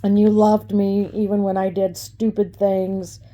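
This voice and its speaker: Dark-toned, tender woman's greeting. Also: mid-range voice, little pitch movement, measured pace. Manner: emotional, tender. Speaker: former coworker sending video greeting. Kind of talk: heartfelt personal video message.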